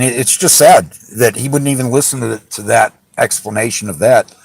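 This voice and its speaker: Sitting in his parked car, a man tells the camera about his encounter with police, rambling, restarting often and leaning on fillers, clearly indignant and annoyed. His voice is mid-range, the recording is poor, and there's no room sound.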